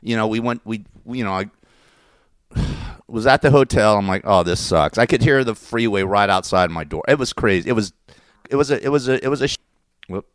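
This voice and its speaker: In a clean studio recording with no room sound, a man with a lowish voice talks briskly. He's a vlogger recounting a personal story in a casual, rambling rant, exasperated, cursing, and frequently self-correcting.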